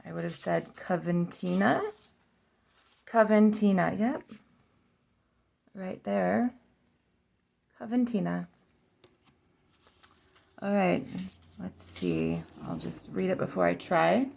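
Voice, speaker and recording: A woman with a low, heavily gravelly voice hosts a casual flip-through vlog. She talks at an unhurried, slow pace and sounds out each name aloud, correcting herself as she goes, with musing, giggly asides. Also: sing-song, darkish tone, slight background noise. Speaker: oracle deck reviewer.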